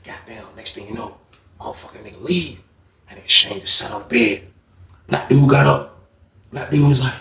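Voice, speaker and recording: A man's voice: mid-range voice, moderate pace, pauses often, a bit bright, reverberant. A man casually telling a story from his time in jail, swearing freely and often asking "you know what I mean".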